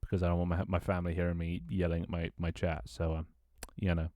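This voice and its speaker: A man on a live stream, grumbling and swearing between easy laughs. His voice sits low and comes through smooth and resonant, recorded dry and close on a desk mic in a small room at home. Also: little pitch movement, fast talker, mellow, no echo. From United Kingdom. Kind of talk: casual live-stream chat.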